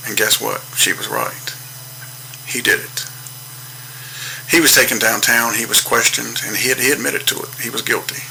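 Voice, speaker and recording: A man with a gravelly voice telling a true story from his childhood in an earnest, preaching way, repeating himself for emphasis. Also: mid-range voice, steady tone, sharp tone, a little hiss or hum, poor audio. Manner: earnest, preaching storyteller with repetitions and a slow, measured delivery. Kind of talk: personal testimony monologue.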